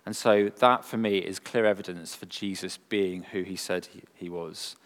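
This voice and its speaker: A man preaching a sermon, earnest and full of rhetorical questions, moving from emphatic lines to hushed ones. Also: deep voice, fairly even intonation, moderate pace. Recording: long hall reverb.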